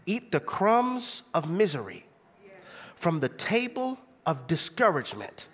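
Young male preacher, fairly high, very expressive pitch, casual and conversational sermon delivery. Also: a little slow, husky. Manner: animated, conversational preaching with rhetorical questions.

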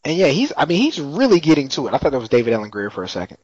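A man's voice: on the high side, wildly swooping pitch, rapid-fire, darkish tone, no echo. Laid-back slangy man, dry muffled sound. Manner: slangy, laid-back storytelling with frequent laughs. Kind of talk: casual chat recapping a TV episode. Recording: dry, slightly muffled lo-fi audio.

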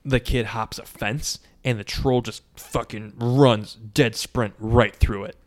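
A man in casual podcast chat, recapping a movie with lots of swearing and quick quoted voices. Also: medium pitch. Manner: profane, animated storytelling with quick quoted voices.

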